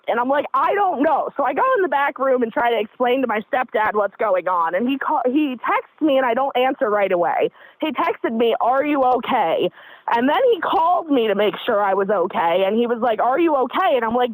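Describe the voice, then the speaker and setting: Calling into a comedy show, a high-pitched woman briskly tells a casual story, performing the voices of others with animation. The audio is low quality and has no room sound.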